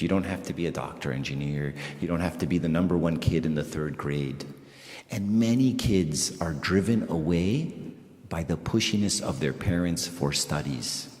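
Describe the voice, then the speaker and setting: A middle-aged man preaching a sermon as a priest, conversational and animated, repeating phrases for emphasis. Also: deep voice. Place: large church sanctuary. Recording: echoey church hall, long reverb.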